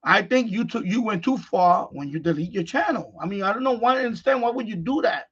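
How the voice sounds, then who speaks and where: Man, middle-aged, live-stream host, frustrated, blunt, repeats himself, fairly high voice, muffled audio. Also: lively intonation, fast, a bit bright, slightly rough. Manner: blunt, repeats phrases, restarts often. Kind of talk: unscripted live-stream monologue.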